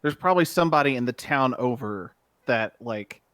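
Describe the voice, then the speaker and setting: A man's voice: mid-range voice, animated, moderate pace, fairly bright tone, no room sound, studio quality. A man playing a tabletop game in a laid-back, playful casual chat.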